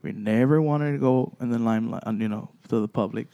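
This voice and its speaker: A man with a warm, mellow voice tells stories from his paranormal investigation group in a chat. He stumbles through fillers and restarts, then slips into the voices of the people in his story. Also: medium pitch, vocal fry, highs cut off. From Texas. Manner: halting, many fillers and restarts, acts out dialogue.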